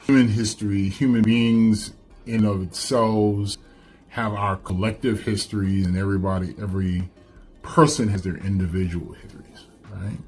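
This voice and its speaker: A man teaching a lesson, explaining a text in a relaxed, conversational way and checking in with frequent "right?" and "you know". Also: on the low side, normal speed, husky, faint music behind.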